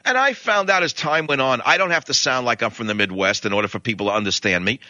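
A man's voice: mid-range voice, quick pace, sharp tone, dry recording, lo-fi sound. An older man with a New York accent, giving a blunt, rambling talk radio monologue. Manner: blunt, ranting, digressive.

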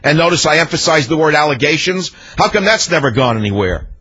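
A man's voice: on the high side, animated, fast talker, bright, forceful tone, slightly rough. A man hosting a talk radio show, ranting in a combative, indignant way and hammering his points with repetition. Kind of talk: talk radio monologue and calls. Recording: dull lo-fi radio audio.

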